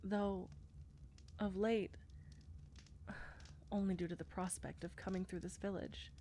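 A woman voicing a shy, war-weary female knight commander in an audio role-play, speaking hesitantly with soft fillers. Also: mid-range voice, steady tone, unhurried, slight background noise, lightly acted. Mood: shy, tender.

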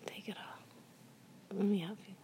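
A young woman in a whispered role-play, speaking in a soft murmuring whisper with many hums. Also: mid-range voice, steady tone, moderate pace, a little hiss or hum. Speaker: ASMR performer.

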